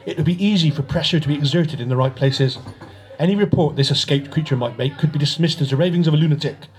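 A man voicing a harsh, domineering male alien navigator who barks orders and rises to shouts. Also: mid-range voice, slightly rough, natural voice. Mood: scheming. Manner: barking orders, rising to shouts.

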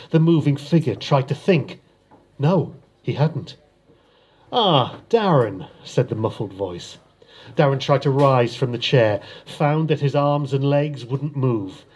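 A man with a husky, mid-range voice talks briefly at a live event, then moves into a steady reading of his crime novel's opening pages as its author.

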